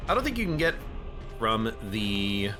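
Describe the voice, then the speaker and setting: A man's voice: on the low side, wildly swooping pitch, a little slow. A man streaming a game, talking casually and joking to himself and the viewers as he plays. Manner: chatty, jokes at the game and at himself. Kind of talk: casual gameplay commentary. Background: game music.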